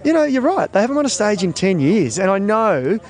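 Australian male co-host, slightly raised pitch, loose and joking. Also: sing-song, a little fast, a little mellow. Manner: chatty, laughs often, teasing. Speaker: podcast co-host and cycling commentator. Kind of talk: casual chat.

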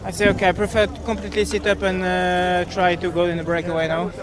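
A man's voice: high voice, fast talker, a crowd in the background. A man giving a hesitant interview outdoors at a race finish. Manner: hesitant, flat delivery. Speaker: interviewed athlete.

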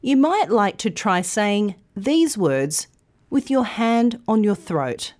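A woman presenter reading a scripted pronunciation lesson with careful, clear articulation. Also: medium pitch, big pitch swings, slow pace, a little mellow. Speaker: news presenter teaching pronunciation.

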